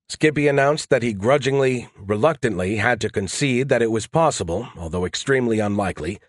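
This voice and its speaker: A man's voice: medium pitch, no echo. A man narrating a first-person audiobook in a dry, wry, matter-of-fact way.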